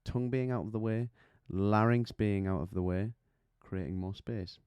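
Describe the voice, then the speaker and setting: A man's voice: on the low side, moderate pace, darkish tone, smooth, no echo. A man teaching singing technique, chatty and explaining with demonstrations and little stories. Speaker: vocal coach. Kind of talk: singing lesson to camera.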